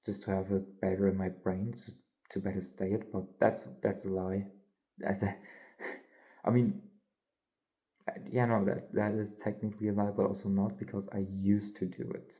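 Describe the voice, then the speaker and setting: A man's voice: on the low side, little pitch movement, moderate pace, mellow, low-quality recording. A young man, a college student, talking candidly in a rambling, filler-heavy way with some yawning. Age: young adult. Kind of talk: casual vlog monologue.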